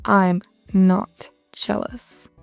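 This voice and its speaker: A woman's voice: mid-range voice, steady tone, drawn-out words, gravelly, darkish tone, no echo, soft background music, voice pushed down. A woman voicing a jealous, snappish male overlord with a TV for a head who speaks curtly. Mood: irritated. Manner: curt and irritated.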